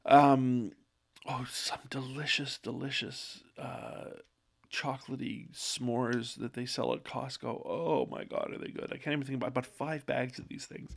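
A man's voice: medium pitch, steady tone, normal speed, creaky, slightly rough. A man in his forties from Canada, rambling through a casual solo monologue in his office, self-deprecating, often losing his train of thought. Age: 40s. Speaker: solo podcast host. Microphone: own microphone, sometimes moves off it.

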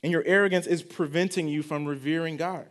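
High-voiced pastor preaching conversationally. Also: male voice, steady tone, a little fast. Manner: conversational preaching with repeated phrases and rhetorical questions. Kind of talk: sermon.

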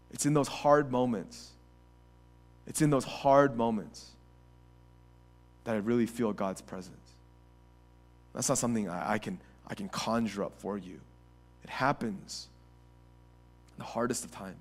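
A male pastor preaching a sermon. He moves between quiet reflection and impassioned, near-shouted passages, often repeating and restarting phrases. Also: on the low side, a little slow, pauses often, faint music behind.

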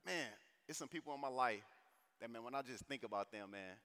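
A man in his thirties from St. Louis giving a personal testimony at a conference, telling the story in a casual, animated way with lots of slang asides. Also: medium pitch, a little fast, clear, resonant tone. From St. Louis, USA. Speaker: conference speaker. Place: conference hall. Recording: echoey hall reverb.

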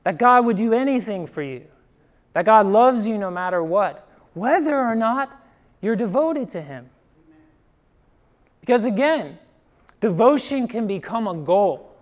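A young man from Ohio, the Midwest, preaching a sermon in a conversational storytelling way, often asking "right?" and swinging between emphatic bursts and quiet drops. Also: high-pitched, animated, measured pace, long pauses. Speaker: pastor.

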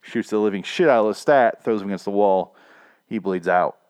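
A man's voice: lowish voice, brisk, a little mellow, clean tone, dry recording. A man casually recapping a TV episode, rambling and profane, laughing at his own asides.

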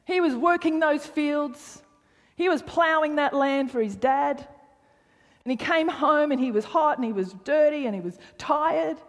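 A woman's voice: sits high, measured pace, in a large hall. A woman preaching a sermon, emphatic, repeating phrases for stress and sometimes dropping to a near whisper.

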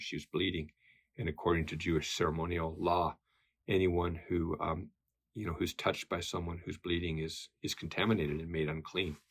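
A man's voice: low voice, slightly rough. A man teaching a Bible study lesson in a conversational way, with many fillers and tag questions.

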